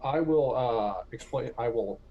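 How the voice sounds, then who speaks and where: A man's voice: medium pitch, warm tone. A man playing in a tabletop role-playing game, speaking formally in character. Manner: formal, measured in-character speech. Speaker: player. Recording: dull lo-fi audio with faint noise.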